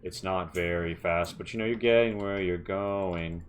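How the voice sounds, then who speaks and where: A man narrating a tabletop game as game master, hesitant and full of fillers, slowly describing scenes. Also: deep voice. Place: home setup, streamed live.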